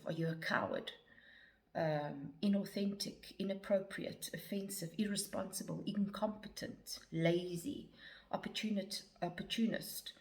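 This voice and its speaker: A woman talking casually about shadow work, reading a long list of words aloud with many ums and some words half-whispered. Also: on the low side. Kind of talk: casual talk to camera about personal growth.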